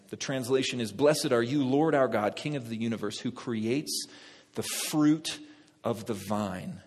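A male pastor preaching a sermon, lively, talking directly to the congregation. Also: medium pitch, moderate pace. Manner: lively, talks to the congregation, laughs at own jokes. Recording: long reverb of a hall.

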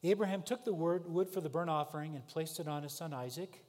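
A man preaching a sermon, telling the story with dramatic swings between loud and soft. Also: a little high, a little fast, long reverb tail. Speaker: pastor.

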